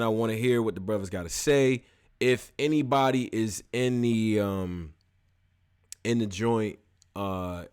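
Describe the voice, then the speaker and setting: A man in his early thirties hosting a live call-in show, telling animated, slang-heavy stories and then sliding into loose, mumbled housekeeping. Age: early 30s. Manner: animated slangy storytelling, switches to loose low-key housekeeping. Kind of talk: casual live call-in monologue.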